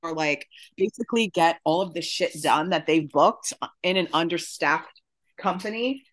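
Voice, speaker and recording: A woman co-hosting a podcast, telling a story in casual chat, profane and animated. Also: lowish voice, normal speed. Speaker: podcast co-host.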